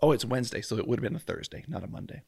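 A man's voice: medium pitch, expressive, racing, gravelly, a little mellow, husky, no echo. A man co-hosting a casual true-crime podcast, chatty and jokey, tripping over names as he tells the story. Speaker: podcast co-host. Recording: dry close mic at home, faint outdoor hum.

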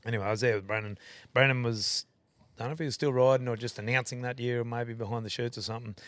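A man's voice: mid-range voice, fairly even intonation, rapid-fire, a bit bright, no room sound. A man with an Australian accent, a podcast guest telling a rambling, swear-filled story and correcting himself as he goes. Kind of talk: casual storytelling.

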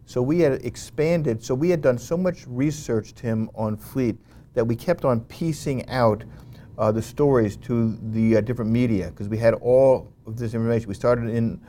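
A man's voice: mid-range voice, normal speed, a little hiss or hum. A man as an interview guest, telling a story animatedly with many fillers and restarts. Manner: animated, frequent "you know" fillers and restarts. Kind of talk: conversational storytelling.

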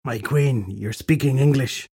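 A man's voice: medium pitch, measured pace, mellow, breathy edge, dry recording, studio quality. A man voicing a sly, cocky male warrior in an audiobook, talking in a casual, wisecracking way.

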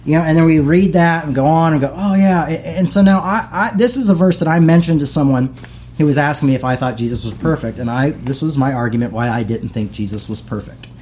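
A man's voice: fairly high pitch, fast, a little mellow. A man preaching a casual, conversational sermon as pastor, acting out the voices of the people he quotes.

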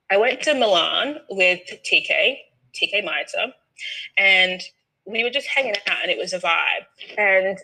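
A young Australian woman telling a story in casual chat, animated and laughing often as she acts out the people in it. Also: mid-range voice, rough recording.

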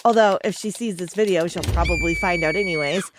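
A woman narrating an animated story in a chatty manner, speaking to the viewer. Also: fairly low pitch, fairly quick, noisy background.

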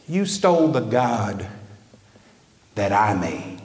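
A man preaching a sermon, swinging between loud high cries and low murmurs. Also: very animated, slow. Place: church sanctuary. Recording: echoey hall, long reverb.

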